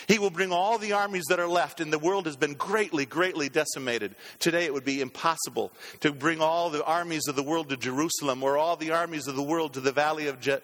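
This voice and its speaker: A man preaching a sermon, reading scripture aloud and commenting, rising to emphatic peaks and dropping low and quiet. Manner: rises to emphatic, climbing peaks then drops low and quiet.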